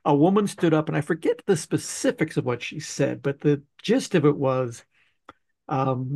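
A man hosting a podcast interview, telling a relaxed anecdote from his research. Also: on the high side, normal speed, creaky, no room sound. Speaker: podcast host, mystery author. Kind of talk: conversational interview.

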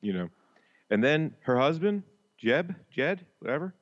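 A man's voice: a little high, very animated, measured pace. A man co-hosting a podcast in casual chat, blunt and sardonic, swearing a lot. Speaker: podcast co-host. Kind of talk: casual chat reviewing a TV episode. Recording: dull lo-fi mic.

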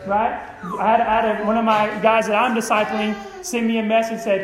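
A man's voice: high voice, flat delivery, a little fast, roomy sound, rough recording. A man preaching a sermon as pastor, conversational and often checking in with the congregation. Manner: conversational, keeps asking the congregation "right?".

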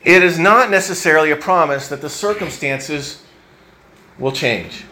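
A man's voice: on the high side, animated, normal speed, bright, forceful tone. A man preaching a sermon in a church, in a conversational, reflective way that thinks aloud with fillers and restarts. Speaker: pastor.

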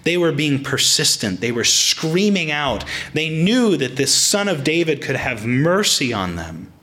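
A young man preaching a sermon, animated and casual, often restarting his sentences as he explains a passage. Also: on the high side, unhurried. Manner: animated, frequent restarts, acts out quotes. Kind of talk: sermon with personal anecdote.

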